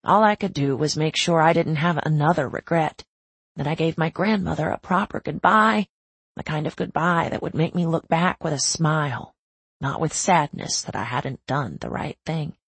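Woman, audiobook narrator, reflective, measured, low-pitched, gravelly, dry close mic. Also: dry recording. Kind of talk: first-person novel narration.

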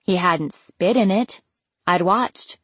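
A woman's voice: fairly low pitch, slow pace, fairly bright tone, slightly rough, no room sound. A young woman narrating a novel in the first person, wry and casual, swearing now and then. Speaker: audiobook narrator.

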